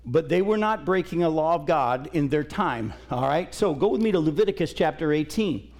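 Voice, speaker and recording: Middle-aged man preaching a folksy, conversational Bible sermon in a church, voice sitting a touch high. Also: lively intonation, normal speed, a little mellow. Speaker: pastor. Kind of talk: sermon with scripture reading. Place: church sanctuary.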